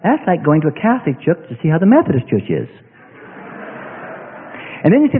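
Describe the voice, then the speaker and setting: A man preaching a sermon as pastor, acting out short dialogues between people in an animated way. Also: a little high, fairly quick, long pauses. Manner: animated, acts out little dialogues. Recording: phone-like, echoey hall recording.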